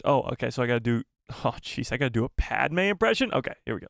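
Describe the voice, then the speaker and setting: A young man hosting a casual live stream, excitable and joking as he talks straight to his chat. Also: medium pitch, quick pace, gravelly, no echo, clean studio sound.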